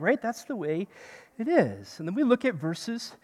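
Animated preacher in a reverberant hall. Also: medium pitch, moderate pace. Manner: animated, often checks in with the listeners. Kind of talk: conversational sermon.

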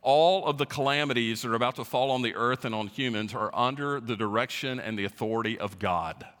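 Pastor, male, bright forceful delivery, verse-by-verse sermon in a reverberant church hall. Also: medium pitch, fairly quick. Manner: teaching verse by verse, stressing key words. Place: church sanctuary.

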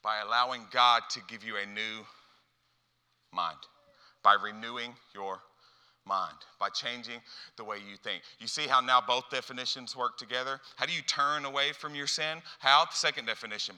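A man's voice: medium pitch, moderate pace, pushed and bright, smooth. A man preaching a sermon as a pastor, telling stories and acting out dialogue with lots of repeated phrases. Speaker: youth pastor. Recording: long hall reverb.

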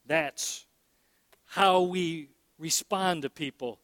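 Emphatic high-voiced male pastor preaching. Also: extremely slow, fairly bright tone, dry recording, in a large hall. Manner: emphatic, repeats words, many fillers. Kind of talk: sermon.

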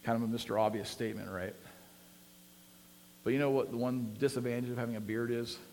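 Long church-hall reverb trails this preacher, whose sermon moves from casual, filler-heavy talk to emphatic peaks. His voice sits at a middle pitch with a steady, slightly mellow tone, going a little fast, with a little hiss or hum in the background.

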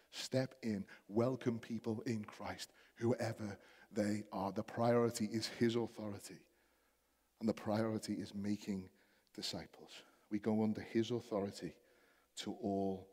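Impassioned Scouse preacher in a reverberant hall. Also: male voice, fairly low pitch, moderate pace, darkish tone, husky. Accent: Liverpool (Scouse). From Liverpool, England. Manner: impassioned, building to emphatic exhortation. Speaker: pastor. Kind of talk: sermon. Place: church hall.

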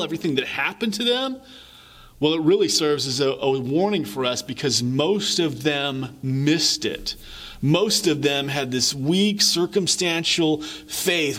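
A male preacher with a fairly high voice, delivering a sermon. He retells the old stories vividly and conversationally, inviting listeners to imagine the scene. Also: fairly bright tone.

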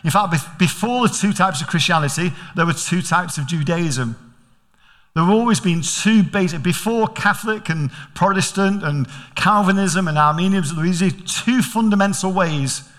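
Older preacher with a high voice. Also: male voice, moderate pace. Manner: storytelling, animated, questioning. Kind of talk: sermon. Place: church. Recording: reverberant church hall.

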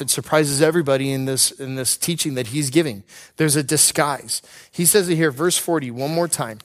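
A man preaching a conversational sermon, telling personal stories with earnestness and light humor, slowing down to stress key points. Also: mid-range voice. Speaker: pastor.

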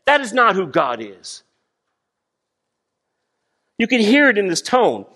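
A man preaching a sermon, animated, acting out voices as he explains a passage. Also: high-pitched, slow pace. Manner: animated, acts out voices of God and people. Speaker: guest preacher.

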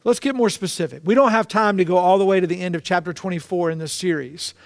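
A man's voice: high-pitched, fast talker, no room sound, studio quality. A man preaching a sermon, emphatic and repeating key phrases for weight. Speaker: pastor.

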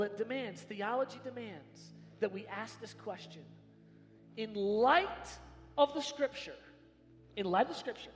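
A man preaching a sermon as pastor, swinging from hushed lines to shouted emphasis in a large church hall. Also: sits high. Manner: dramatic swings from soft to shouting. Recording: long hall reverb.

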